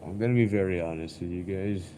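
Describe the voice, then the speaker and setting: A man's voice: low voice, quick pace, noisy background. A young man streaming live, rambling and musing aloud in an introspective way, often repeating himself.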